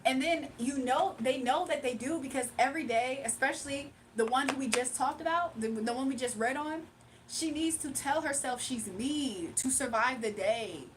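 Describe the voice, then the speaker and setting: High-voiced woman chatting on a livestream. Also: normal speed, recorded from a distance, background noise. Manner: animated, mocking, laughs often, reads chat aloud; drawls, slangy. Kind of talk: casual livestream chat.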